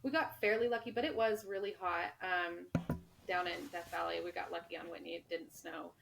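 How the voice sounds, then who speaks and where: A woman's voice: on the low side, fairly even intonation, fairly quick, creaky, noisy background. A young adult woman, a book author and guest on a podcast, telling stories in a chatty way and laughing often. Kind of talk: casual podcast interview.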